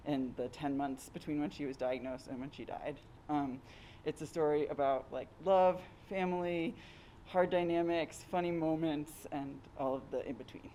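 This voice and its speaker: An author at a live reading event, soft-spoken and a little hesitant, reading aloud from a graphic memoir. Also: medium pitch, slight background noise.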